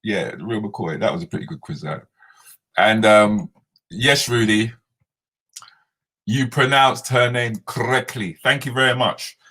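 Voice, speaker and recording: Low husky guy on his morning stream, laughing, reading out comments. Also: a little slow, pauses often, pushed and bright. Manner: chatty, laughing, talks back to commenters. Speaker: live stream host. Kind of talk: casual chat reading out viewer comments.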